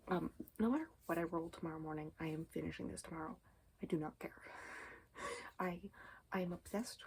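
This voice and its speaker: A book vlogger chats casually in a reading vlog, rambling, frequently dropping into whispered asides, and saying "um" and "anyways" a lot. Her voice is low and darkish, her pace brisk with long pauses, and the poor audio carries a little hiss or hum.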